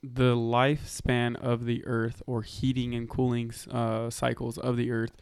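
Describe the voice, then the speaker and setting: A man co-hosting a casual podcast, chatting in a relaxed way and hedging his points. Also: medium pitch, measured pace, creaky, clean tone, no room sound. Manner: relaxed, hedging, talks over others. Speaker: podcast co-host. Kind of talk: casual chat. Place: podcast studio.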